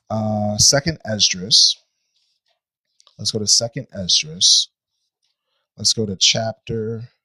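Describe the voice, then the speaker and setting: A man teaching a Bible study class. He reads scripture slowly and deliberately, repeats phrases and checks that listeners are following. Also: on the low side, pushed and bright, husky, no echo, low-quality recording.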